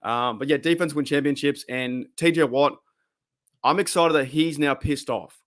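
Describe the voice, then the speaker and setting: Excitable Australian man, rambling fan chat. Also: on the high side, moderate pace, dry recording, clean studio sound. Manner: excitable, rambling, frequent restarts and swearing. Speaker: fan podcast host. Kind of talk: live stream fan chat.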